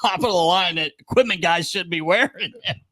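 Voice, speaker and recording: A man's voice: high voice, fairly quick, dry recording. A man who works as a team equipment manager, casually telling stories with laughs and swearing. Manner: animated, laughs and swears while telling anecdotes. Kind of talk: casual storytelling chat.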